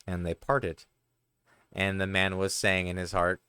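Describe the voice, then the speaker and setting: Male reader for parables; deep, unhurried, occasional slips. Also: monotone, pushed and bright, smooth, no echo. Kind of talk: reading parables aloud.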